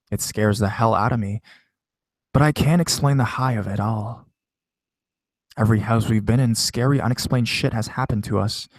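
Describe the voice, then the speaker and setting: A man's voice: medium pitch, a little mellow, no echo. A man in a mid-range voice reads viewer horror stories in a loose, conversational way, dropping swear words as he goes. The recording is close and dry, with no room sound. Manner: casual, profane, conversational. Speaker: horror story narrator. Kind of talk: reading viewer-submitted scary stories.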